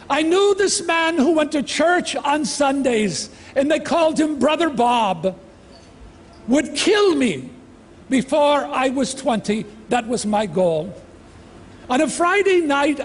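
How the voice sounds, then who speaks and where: A man in his sixties tells a personal testimony, his voice very high for a man and his delivery slow and weighty, full of long dramatic pauses. The sound carries a long reverb from a huge open-air amphitheatre, with faint ambience behind it. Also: slight background noise. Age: 60s. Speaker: speaker. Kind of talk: emotional personal testimony speech. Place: large outdoor Roman amphitheatre.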